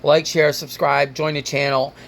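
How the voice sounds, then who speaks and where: A man's voice: a little high, little pitch movement, moderate pace, creaky, a bit bright. A man hosting his own car vlog, rambling and ranting casually with frequent swearing. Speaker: car vlogger.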